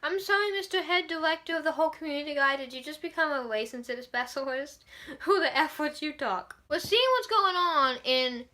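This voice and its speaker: Bright-voiced sarcastic young woman ranting. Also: high voice, a little fast. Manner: sarcastic, exasperated, swears freely. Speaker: movie reviewer. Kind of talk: casual movie review rant.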